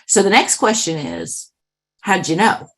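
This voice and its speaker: Husky-voiced woman telling a lively story. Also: medium pitch, unhurried. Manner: lively, animated storyteller with asides. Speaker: author and keynote speaker. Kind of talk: storytelling in a conversational interview.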